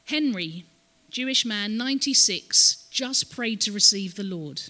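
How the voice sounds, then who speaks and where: A woman's voice: medium pitch, lively intonation, a little slow, bright, forceful tone. A woman speaking as a visiting ministry guest at a church, telling the story and having the audience repeat words after her. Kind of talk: church talk, teaching. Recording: long reverb of a church hall.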